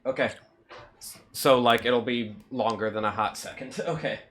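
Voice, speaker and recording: Laid-back bright-voiced male game master. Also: mid-range voice, steady tone, normal speed, slight background noise. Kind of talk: narrating a tabletop game.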